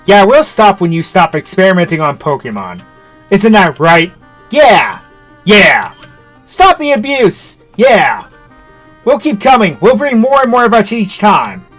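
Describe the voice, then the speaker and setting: A man's voice: sits high, wildly swooping pitch, a little slow, a bit bright, faint music behind, pitched above the performer's own voice, full character voice. A man voicing a rowdy group of protesters in a game, reading their lines in a jeering, chanting way. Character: rowdy shouting crowd of protesters. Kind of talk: reading game dialogue aloud.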